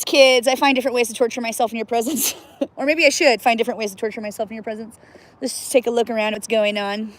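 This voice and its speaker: A woman casually chatting on a livestream from outdoors by cold water, playful and laughing often, whooping now and then. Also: high voice. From US Northwest. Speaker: livestream host.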